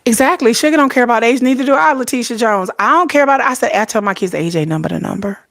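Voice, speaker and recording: A woman's voice: high voice, very fast, a bit bright. A middle-aged woman hosting a casual livestream, telling stories with lots of laughter and casual swearing. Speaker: K-pop commentary livestream host.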